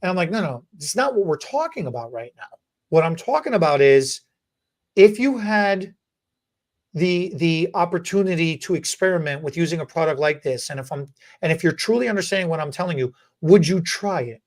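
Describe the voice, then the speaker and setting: A man co-hosting a beauty podcast, telling stories in a lively, casual way and often repeating words. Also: on the high side, brisk. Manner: animated, repeats words, acts out quotes. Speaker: podcast co-host, hair educator. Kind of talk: casual storytelling chat.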